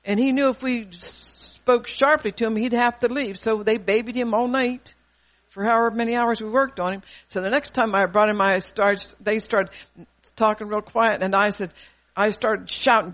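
An older preacher delivering a sermon with emphatic, forceful conviction, quoting scripture and asking the congregation rhetorical questions. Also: mid-range voice, steady tone, moderate pace.

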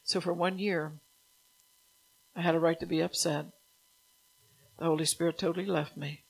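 A woman's voice: lowish voice, steady tone, normal speed, gravelly, breathy edge, poor audio. A woman preaching a sermon. She relays God's words in the first person, reads out Bible verses and drops into casual asides to the congregation.

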